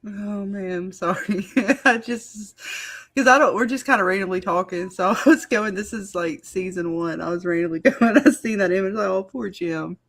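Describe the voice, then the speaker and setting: A woman co-hosting a casual live chat, giggly and teasing, with drawn-out exclamations. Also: mid-range voice, a bit bright. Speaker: co-host.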